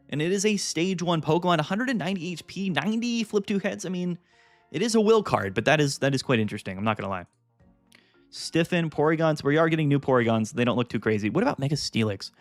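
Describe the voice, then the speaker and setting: A man hosting a live card-game stream, chatting casually and getting excited, thinking aloud with lots of fillers. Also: fairly high pitch, no echo. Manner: excitable, thinks aloud, frequent fillers, jumps between topics.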